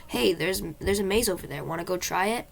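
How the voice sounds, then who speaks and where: A woman voicing an eager, excitable young boy who speaks up loudly. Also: medium pitch, brisk, gravelly. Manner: eager, loud.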